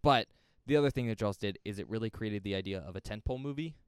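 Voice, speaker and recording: A man's voice: on the low side, fast, clear, resonant tone, no echo, studio quality. A young man co-hosting a casual movie podcast, explaining film history and teasing his friend. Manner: teasing, animated when making a point. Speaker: podcast co-host.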